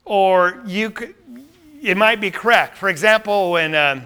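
A man's voice: high-pitched, unhurried, pushed and bright, clean tone. A man teaching a Bible study in a conversational way, often checking in with listeners.

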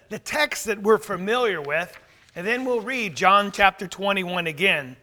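Man, preacher, sermon, high voice, earnest scripture quoting. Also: bright, forceful tone. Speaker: pastor.

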